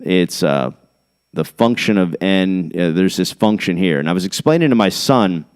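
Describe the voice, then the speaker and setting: Rambling low-voiced man hosting a podcast. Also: expressive, moderate pace, clean tone. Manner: jumps between topics, thinks aloud; reads definitions aloud off the screen. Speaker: podcast host. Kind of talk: rambling casual monologue.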